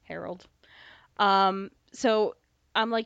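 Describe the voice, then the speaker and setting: A young woman co-hosting a podcast, telling a story in casual chat, animated, swearing freely and acting out dialogue. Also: medium pitch, moderate pace, no echo. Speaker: podcast co-host. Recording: slightly dull dry podcast mic.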